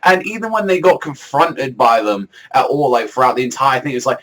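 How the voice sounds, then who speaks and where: A man's voice: medium pitch, expressive, a little fast, hardly any pauses, fairly bright tone, poor audio. A man reviewing a comic chapter in casual chat, rambling with lots of fillers and swearing. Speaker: manga reviewer.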